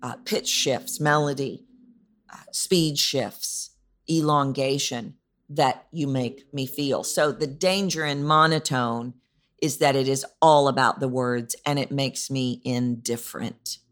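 In a rumbling low, slow voice, a woman hosts a solo podcast. She's a voice coach teaching about voice and delivery, and she's emphatic and repetitive in how she makes her points.

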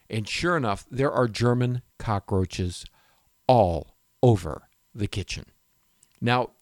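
A man with a mid-range voice hosts a home and garden radio show, casually telling a rambling personal story and often stopping mid-sentence. He's an animated storyteller who keeps interrupting himself. The recording is studio quality with no room sound.

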